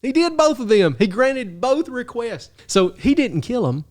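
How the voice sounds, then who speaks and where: A man hosting a video who tells a story in casual talk, animated, chuckling often and restarting his sentences. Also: very high-pitched, unhurried. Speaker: video host.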